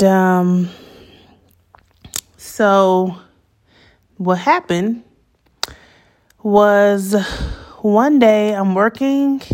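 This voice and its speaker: A woman talks straight to her listeners in a casual storytelling monologue. She is candid and slangy, and she gets animated when she quotes what people said. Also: on the low side.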